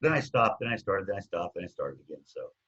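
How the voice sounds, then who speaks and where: A man with a husky voice casually telling his recovery story, rambling and looping back with "anyways", on a dull lo-fi recording. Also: low voice, big pitch swings, fast talker, a bit bright. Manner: rambling, keeps saying anyways.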